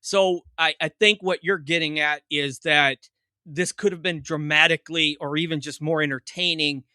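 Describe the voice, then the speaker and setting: Bright-voiced man hosting a podcast chat. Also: fairly high pitch, fairly even intonation, normal speed, clean tone, no room sound. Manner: rambling, self-interrupting, joking. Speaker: podcast host. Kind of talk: casual chat.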